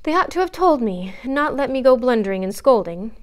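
A woman reading aloud the part of a frank, observant young woman who gently scolds a friend. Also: fairly high pitch, big pitch swings, fairly quick, pitched above the performer's own voice. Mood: earnest. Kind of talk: read-aloud storybook dialogue.

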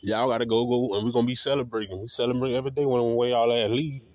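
A man's voice: medium pitch, fairly even intonation, fast, a little mellow, no echo, muffled recording. A man delivering a profane, defiant, repetitive rant to camera as a video blogger. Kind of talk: ranting monologue to camera.

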